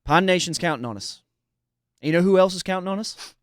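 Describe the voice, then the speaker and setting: A man's voice: high-pitched, animated, a little fast, clean tone, no room sound. Folksy small-town radio sports host played by a man, blustery, dry studio sound. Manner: folksy, blustering, calls people partner and buddy.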